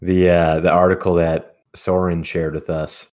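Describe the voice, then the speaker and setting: A man's voice: deep voice, level tone, a little slow, darkish tone. A man co-hosting a podcast in casual, joking chat. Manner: joking, teasing. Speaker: podcast co-host.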